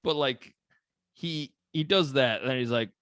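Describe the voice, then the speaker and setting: A man's voice: mid-range voice, a little slow, fairly bright tone, clean tone, no room sound, clean studio sound. A young man co-hosting a podcast, talking about a movie in laid-back, joking chat, laughing often and swearing freely. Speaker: podcast co-host.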